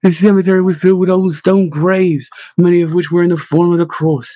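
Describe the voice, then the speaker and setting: A man reading a story aloud in measured, expressive narration. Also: high voice, no echo, lo-fi sound. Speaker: audiobook narrator. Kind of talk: scripted narration.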